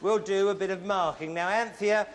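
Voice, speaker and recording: A man hosting a television game show, teasing contestants with quick puns and jokes. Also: high voice, steady tone. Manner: teasing, quick-witted, punning. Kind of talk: joking studio game-show patter. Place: television studio before an audience. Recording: noisy studio with loud audience.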